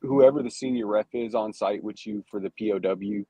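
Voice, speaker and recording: A man with a low, mellow voice explains things in a relaxed way, stopping to restart his sentences. His tone has a slight husk. The recording is dry. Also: a little fast, breathy edge, no echo, highs cut off. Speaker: paintball referee. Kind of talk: casual chat.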